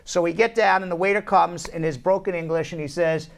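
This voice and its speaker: Man telling animated stories on a talk show. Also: high voice, brisk, creaky, hardly any pauses. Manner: animated storyteller, repeats words on restarts. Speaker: host, immigration attorney. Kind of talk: casual talk-show chat. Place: law office.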